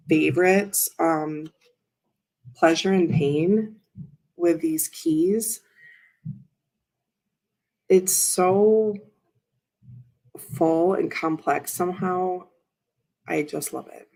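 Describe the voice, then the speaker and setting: A woman with a fairly low, dark voice hosts a casual tarot livestream. As the reader, she rambles and cuts herself off while chatting with viewers in the chat.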